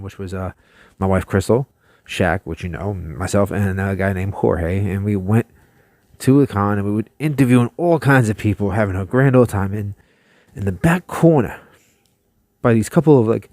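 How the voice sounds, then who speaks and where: A man hosting his own channel, telling a personal story in a chatty, animated way and laughing often. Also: fairly low pitch, dry recording. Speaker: channel host. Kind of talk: casual storytelling to camera.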